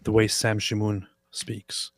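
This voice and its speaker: A man's voice: lowish voice, completely flat delivery, slow. A man joining a casual livestream chat as co-host, mostly chiming in with short agreeing remarks. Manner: brief agreeing interjections.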